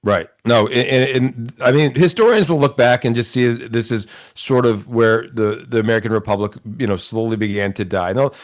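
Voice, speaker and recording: A man's voice: medium pitch, moderate pace, few pauses. A man with a Wisconsin accent giving earnest, argumentative political commentary on a talk show.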